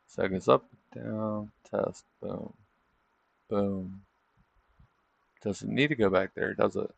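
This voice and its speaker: A man's voice: lowish voice, steady tone, slow pace, gravelly, breathy edge, no room sound, highs cut off. A man hosting a trading livestream, chatting casually over charts and tossing in tag questions like "isn't it?". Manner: loose, chatty, thinking aloud.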